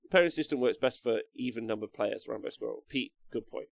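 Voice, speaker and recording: A man's voice: mid-range voice, a little fast, vocal fry, no room sound. A young man hosting a casual livestream, rambling, reading chat comments aloud and swearing freely. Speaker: livestream host.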